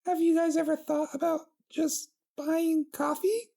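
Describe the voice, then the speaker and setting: A woman voicing a prim, exasperated young female pony princess in a comedic fanfiction reading, with a shrill, clipped delivery. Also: unhurried, vocal fry, heavily acted. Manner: shrill, clipped, deadpan retorts. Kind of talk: comedic fanfiction read-aloud.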